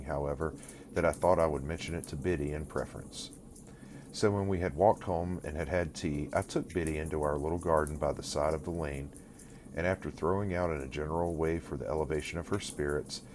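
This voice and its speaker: A man narrates a classic novel in a measured, even storytelling voice. His pitch is very low, and a faint hiss sits under the reading. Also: poor audio. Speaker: audiobook narrator. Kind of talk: scripted narration.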